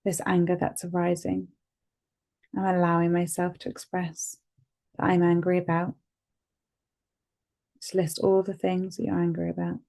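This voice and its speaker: A woman guiding an EFT tapping session speaks calmly and gently, offering phrases for the listener to repeat. Her low voice has a flat, even melody and a gravelly edge of fry, delivered at a moderate pace with long pauses.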